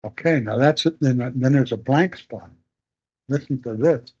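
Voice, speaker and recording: An older man being interviewed, telling a long war memory in a halting, rambling way with many restarts. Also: mid-range voice, darkish tone, breathy edge. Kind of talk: oral history storytelling. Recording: dull lo-fi recording.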